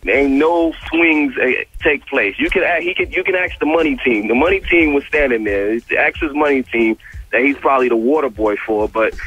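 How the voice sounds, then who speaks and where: A man's voice: medium pitch, normal speed, highs cut off. A man as a radio interview guest, telling a story in a laid-back but emphatic way, full of slang and repeated phrases. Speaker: guest recounting a backstage altercation.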